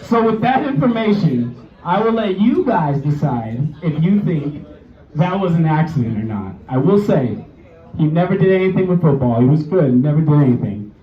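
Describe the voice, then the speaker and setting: A man's voice: fairly high pitch, sing-song, normal speed. A man in his twenties doing a stand-up set, telling a profane story loosely and laughing at his own jokes. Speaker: stand-up comedian. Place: small bar stage. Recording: roomy, distant, dull live club recording. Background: crowd reactions.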